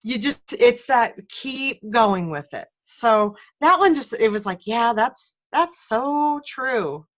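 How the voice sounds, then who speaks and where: A woman's voice: a little high, animated, takes it slowly, hardly any pauses, muffled recording. A woman in casual chat, earnestly working through an analogy and finishing her co-host's thoughts.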